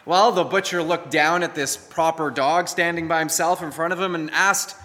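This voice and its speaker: A man preaching a sermon as pastor, praying and then telling a story in an animated way that acts out the quoted lines. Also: on the high side, moderate pace, few pauses. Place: church sanctuary. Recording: long hall reverb.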